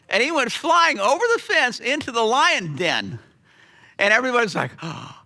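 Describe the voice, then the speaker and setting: A middle-aged pastor telling a story in a sermon, animated, with sudden drops to a hush. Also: male voice, a little high.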